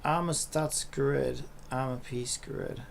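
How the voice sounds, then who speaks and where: A man's voice: mid-range voice, steady tone, slow, vocal fry, slight background noise. A man in a casual coding vlog who swears and rants in exasperation at his screen. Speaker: hobby programmer.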